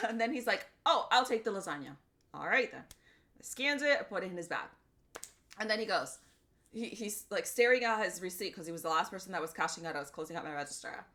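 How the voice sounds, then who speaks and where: A woman streamer chatting casually and telling stories in an animated, profane way. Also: medium pitch, fast. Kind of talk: casual livestream chat.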